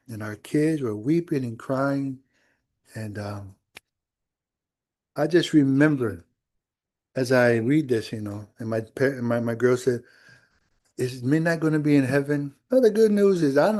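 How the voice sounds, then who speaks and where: Middle-aged male pastor, warm low-key tone, conversational sermon storytelling in a church. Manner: conversational storytelling with quoted dialogue.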